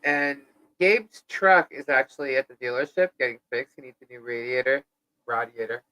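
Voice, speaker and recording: A middle-aged woman co-hosting a live podcast, chatting casually and telling an animated story in which she acts out what people said. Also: deep voice, normal speed, dry recording, highs cut off. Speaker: podcast co-host.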